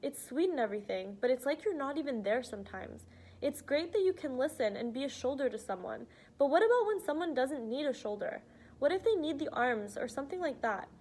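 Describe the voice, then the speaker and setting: Woman reading earnest teen girl, soft but insistent, slightly high voice, audiobook. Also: slight background noise. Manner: earnest, pleading, soft-spoken. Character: teenage girl, earnest and frank.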